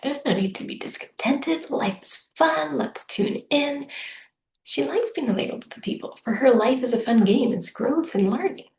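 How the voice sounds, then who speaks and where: A woman's voice: mid-range voice, a little mellow. A woman coach giving a casual, upbeat solo reading, chatty and often acting out what her clients might say. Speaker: human design business coach. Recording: echoey room with faint noise.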